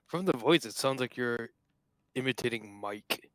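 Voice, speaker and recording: Slow-talking, smooth-voiced man. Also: mid-range voice, expressive, fairly bright tone, dry recording. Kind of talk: tabletop game chat.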